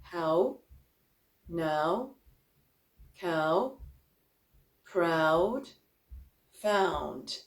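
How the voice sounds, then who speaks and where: Woman vocal coach, slow and deliberate delivery, lower pitch, roomy echo. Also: expressive. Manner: slow, deliberate, demonstrates example words one by one. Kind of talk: instructional explanation.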